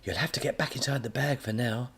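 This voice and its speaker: A man's voice: medium pitch, fast, fairly bright tone, husky, voice pushed up. A man voicing a curious, eager young boy. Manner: eager, wide-eyed.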